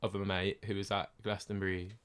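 A man's voice: deep voice, level tone, a little fast, a bit bright, clean tone. A man, co-hosting a podcast and telling rambling stories in casual chat. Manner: rambling, anecdotal, self-correcting. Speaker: podcast co-host.

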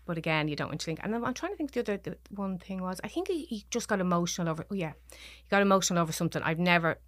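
A woman with a Dublin Irish accent, a podcast guest telling a personal story, soft-spoken and often dropping to near whispers. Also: on the low side, animated, rapid-fire, no room sound. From Ireland.

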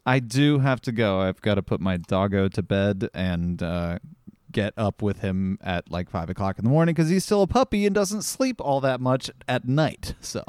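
A young man chatting casually as a podcast guest, relaxed and halting, with restarts. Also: lowish voice, clean tone, no echo, clean studio sound. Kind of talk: casual chat.

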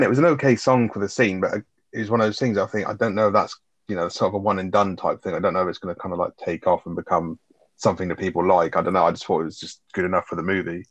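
A man's voice: deep voice, no echo, highs cut off. A man co-hosting a casual film review chat, swearing freely as he retells scenes. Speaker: film review podcast co-host.

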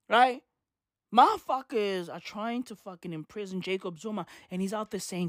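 A man's voice: high voice, moderate pace, no room sound, clean studio sound. A man with a South African accent giving a profane, exasperated comedic rant full of slang. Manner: animated, exasperated, slangy, frequent laughter. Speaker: comedic commentator.

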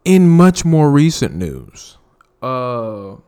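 Animated man doing a casual solo podcast. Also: medium pitch, very slow, clean tone. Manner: animated, laughing, profane, mimics celebrities mid-story. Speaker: podcast host. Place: home recording space.

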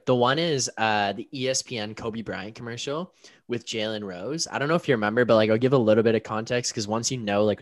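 A man's voice: on the low side, dry recording, clean studio sound. A young man in casual chat, telling stories with lots of filler words. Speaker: podcast co-host.

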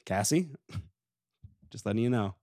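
A young man co-hosting a casual podcast chat, joking around and dropping soft and low when he sulks. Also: lively intonation, slow, dry recording, studio quality. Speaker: podcast co-host.

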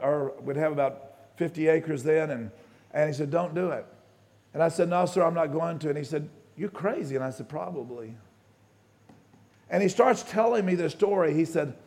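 A pastor giving a sermon, telling a story with plenty of quoted dialogue and halting restarts, his voice rising and dropping. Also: a little high, darkish tone.

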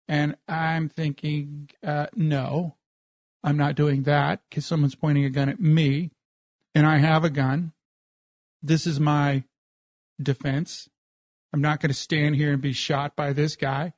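A man recounting a personal story for a podcast in a conversational, matter-of-fact way. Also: on the high side. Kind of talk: first-person spoken storytelling.

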